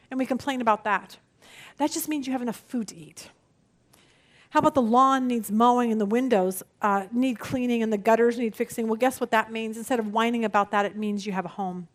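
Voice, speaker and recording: A woman teaching a Bible study, animated and laughing easily, acting out the quotes she gives. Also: on the high side.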